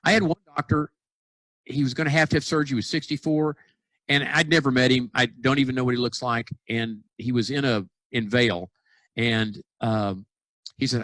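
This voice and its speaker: A dentist and consultant telling stories in a casual podcast conversation, acting out dialogue with lots of restarts. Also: male voice, medium pitch, moderate pace, dry recording, low-quality recording. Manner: animated storyteller, acts out quoted dialogue; frequent restarts and repeated words. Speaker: dentist and practice consultant guest.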